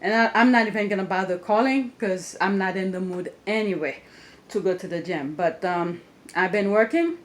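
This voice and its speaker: Everyday mom vlogger, mid pitch, chatty and rambling, home recording. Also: female voice, moderate pace. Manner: chatty, rambling with fillers and restarts. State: out of breath after climbing stairs. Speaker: vlogger, mother. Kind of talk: casual daily vlog.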